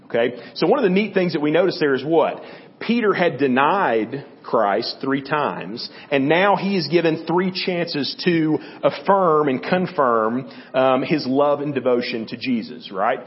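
A man with a fairly high speaking voice leads a Bible study in a loose, conversational way. He keeps checking in with his listeners and restarts his sentences as he thinks. The recording is dull and lo-fi. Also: expressive, unhurried. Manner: checks in often with "okay?" and "right?". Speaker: church teacher. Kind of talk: Bible teaching.

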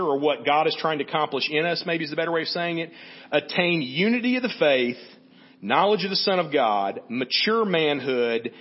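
A man with a fairly high, slightly breathy voice preaches a sermon as pastor, speaking conversationally to his congregation and often checking in with "right?". The recording sounds muffled.

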